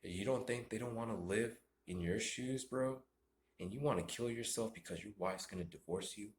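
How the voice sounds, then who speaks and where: A man's voice: fairly low pitch, normal speed, slight background noise. A young American man ranting in a rambling, preachy monologue, stumbling and restarting often. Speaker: vlogger. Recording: echoey room.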